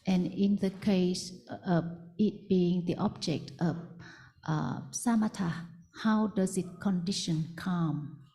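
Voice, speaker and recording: A woman's voice: on the low side, creaky, dark tone. Woman interpreter. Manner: halting, searching for words.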